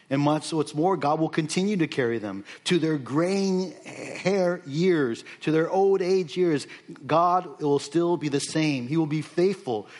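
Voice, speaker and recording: Man preaching an expository sermon. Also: on the high side. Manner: unscripted, many restarts and fillers, reads scripture aloud.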